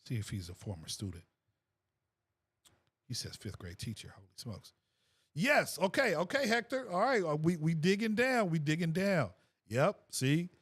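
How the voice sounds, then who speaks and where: Middle-aged teacher guy chatting on a livestream, easygoing, voice goes up and down a lot. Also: mid-range voice. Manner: laid-back, repeats himself, frequent laughs. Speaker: fifth grade teacher and livestream host. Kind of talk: casual livestream chat reading comments.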